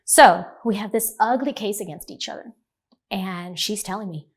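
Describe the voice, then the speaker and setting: Animated middle-aged woman lawyer telling stories. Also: medium pitch, normal speed, husky. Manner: animated, acts out quoted dialogue. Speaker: divorce lawyer. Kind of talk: storytelling in a podcast interview.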